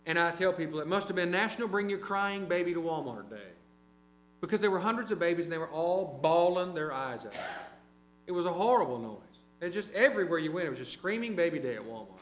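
High-pitched guy giving a chatty sermon, roomy echo and low mains hum behind. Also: lively intonation, fast talker. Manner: conversational, anecdotal, varies loudness widely. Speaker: preacher and teacher.

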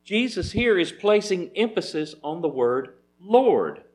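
Methodical man teaching scripture, fairly high voice. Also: big pitch swings, measured pace. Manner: methodical, cites chapter and verse, frequent restarts. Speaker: Bible teacher. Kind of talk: Bible teaching lesson.

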